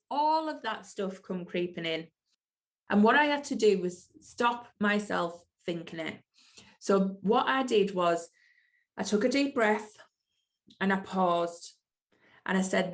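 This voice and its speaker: A woman's voice: mid-range voice, animated, slow. A woman hosting her own podcast, speaking in an earnest, emphatic motivational monologue and repeating key phrases for weight. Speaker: podcast host.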